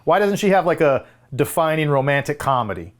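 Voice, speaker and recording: A man co-hosting a movie review podcast in casual chat, talking with animated enthusiasm and laughing often. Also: a little high, brisk. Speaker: podcast co-host.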